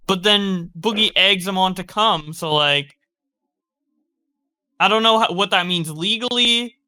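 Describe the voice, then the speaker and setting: A man's voice: sits high, unhurried, bright, forceful tone, smooth. A man co-hosting a podcast, rambling in casual chat with many fillers.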